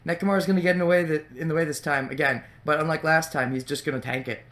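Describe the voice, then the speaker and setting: A man's voice: a little high, fairly even intonation, rapid-fire, a bit bright. A man doing offhand, sarcastic commentary while playing a video game. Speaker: let's play host. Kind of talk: casual gameplay commentary.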